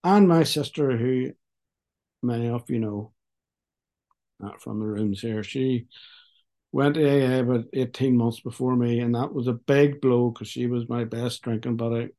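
A man talks through his story at a recovery meeting. His voice is mellow and of middling pitch, and he speaks frankly with a wry, halting edge. He comes through a video call. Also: steady tone. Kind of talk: personal testimony.

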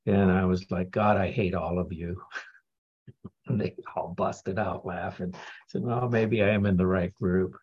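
Man, husky voice, candid testimony talk with dry humor. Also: low-pitched, fairly even intonation, unhurried, muffled recording. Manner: candid, wry storytelling with laughs. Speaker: speaker sharing a recovery story.

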